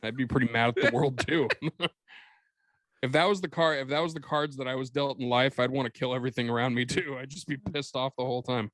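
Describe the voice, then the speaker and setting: A man's voice: mid-range voice, steady tone, quick pace, a bit bright, dry recording. A man co-hosting a podcast, chatting casually about a bad movie, swearing freely, laughing often and acting out little scenes. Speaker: podcast co-host. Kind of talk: casual comedic movie chat.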